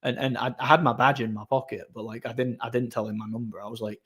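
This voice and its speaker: A man's voice: mid-range voice, steady tone, fast talker, a bit bright, breathy edge. A man, casually telling a story as host of his own channel, repeating words and using many fillers.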